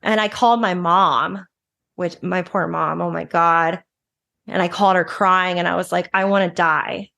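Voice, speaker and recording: A woman in her thirties, a recovery advocate, telling her story frankly and emotionally in quick bursts with restarts. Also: on the low side, steady tone, vocal fry, bright, forceful tone. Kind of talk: candid personal storytelling.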